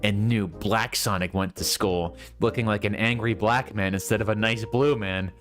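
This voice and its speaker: Deep-voiced man doing a deadpan reading. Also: moderate pace, faint music behind. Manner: deadpan, amused. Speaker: fan-fiction reader. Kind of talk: comic public reading.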